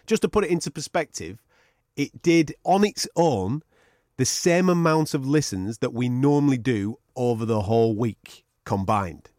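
A man's voice: medium pitch, darkish tone, no room sound, clean studio sound. A man co-hosting a podcast in casual, sweary banter, often laughing. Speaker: podcast co-host.

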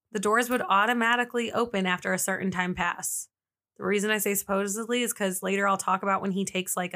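Woman podcaster, bright tense voice, chatty crime storytelling, says like a lot. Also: mid-range voice. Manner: chatty, frequent "like" fillers, laughs easily. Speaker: podcast host. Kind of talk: casual true-crime storytelling.

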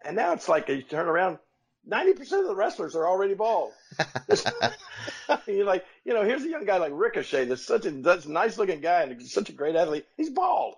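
An older man, co-hosting a podcast and telling animated stories from his wrestling days. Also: high voice, moderate pace, gravelly, slightly rough. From United States. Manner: animated storyteller, voices quoted people. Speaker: podcast co-host, former wrestler. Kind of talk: casual storytelling chat.

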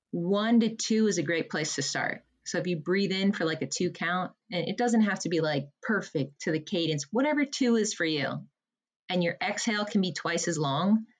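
A woman guest on a podcast explaining breathwork in a lively, emphatic coaching manner and guiding the listener through slow breaths. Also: fairly low pitch. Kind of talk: podcast conversation, guided breathing.

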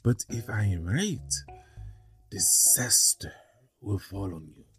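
A man voicing a sly, pleading snake in a storytelling podcast, drawing out each word slowly. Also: fairly low pitch, lively intonation, breathy edge, no room sound, studio quality, soft background music, exaggerated voice. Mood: menacing. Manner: slow drawn-out hissing pleas.

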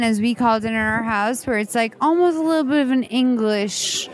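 A woman in her thirties hosting a podcast, talking casually with heavy vocal fry and rambling, irreverent asides. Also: a little high, normal speed, few pauses, a faint crowd. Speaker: podcast host. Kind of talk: casual chat.

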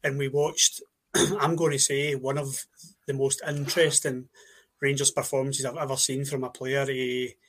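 A man with a Scottish accent, co-hosting a casual football podcast and speaking in a wry, steady way. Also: mid-range voice, moderate pace. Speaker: podcast co-host.

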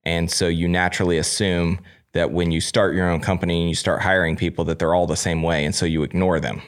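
A man with a very low voice talks as a guest on a casual podcast. He is candid and self-deprecating, and his speech is loose and full of fillers. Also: little pitch movement, quick pace, clear, resonant tone. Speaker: guest, staging company owner.

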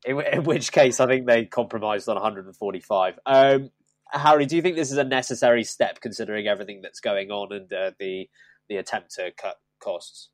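A man's voice: on the low side, fairly even intonation, a little fast, dry recording. A man hosting a podcast, chatting casually, teasing the others and steering them to the next topic. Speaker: podcast host. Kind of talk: casual chat.

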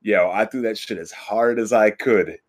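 A man co-hosting a podcast, telling a profane childhood story in an animated, casual way. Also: on the low side, moderate pace.

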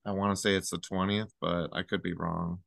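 A man talking as a podcast guest in casual chat, rambling excitedly through one number theory after another. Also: low voice, fairly quick, vocal fry, no echo, clean studio sound.

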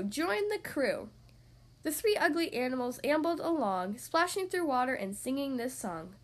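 High-voiced woman reading a picture book. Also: very animated, normal speed. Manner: sing-song rhyming delivery, playful. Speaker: storybook reader. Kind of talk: children's picture book read-aloud.

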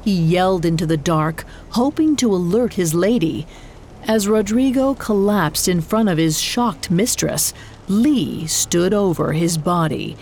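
A woman hosting a podcast, narrating a dramatic story in a measured, scripted way. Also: on the low side, lively intonation, darkish tone, a little hiss or hum.

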